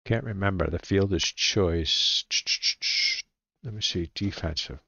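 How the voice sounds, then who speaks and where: A man playing a solo tabletop baseball game, reading out dice rolls and calling the plays in a relaxed, halting way, muttering to himself as he looks things up. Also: low-pitched, gravelly, dull audio, a little hiss or hum. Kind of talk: casual play-by-play while rolling dice.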